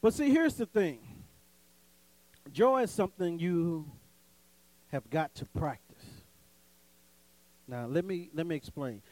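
A man preaching a sermon, calling for responses from the congregation, swinging between soaring emphasis and low, folksy asides. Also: lively intonation, slow pace, long pauses, darkish tone, no room sound, poor audio. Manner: call-and-response preaching, dramatic swings in pitch and volume; folksy, conversational asides with laughter.

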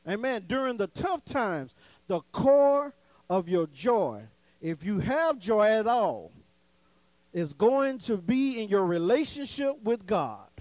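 A man with a high voice preaches in a call-and-response style, rising to loud, emphatic peaks and dropping to low, conversational asides. The sound is close and dry. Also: no echo, rough recording. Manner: call-and-response preaching, dramatic swings in pitch and volume; folksy, conversational asides with laughter. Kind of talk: sermon.

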